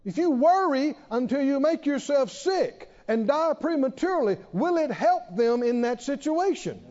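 A man preaching a sermon, emphatic, asking many rhetorical questions and pausing for effect. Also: extremely high pitch, sing-song, darkish tone. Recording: dull reverberant hall sound.

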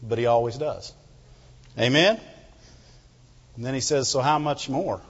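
A man's voice: medium pitch, a little slow, breathy edge. A man preaching a sermon as pastor, fervently calling out "Amen?" to the congregation. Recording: reverberant hall, dull lo-fi sound.

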